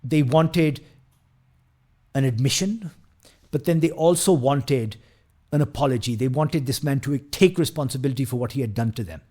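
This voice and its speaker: A man's voice: medium pitch, moderate pace, mellow. A man hosting a casual film review who retells scenes at length, with frequent fillers, restarts and quoted lines from the characters.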